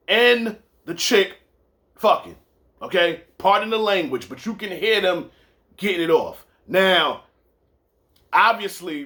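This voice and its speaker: New guy hosting a sports podcast, voice sits a bit high, rambles and repeats himself, swears casually. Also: pushed and bright. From New York. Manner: loose storytelling with repeats and swearing. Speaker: podcast host.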